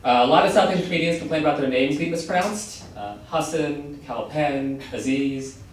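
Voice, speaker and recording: A young man doing a stand-up set on a comedy club stage, delivering dry, deadpan one-liners into a stage microphone. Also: on the high side, normal speed. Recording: echoey club, mic from far, noisy.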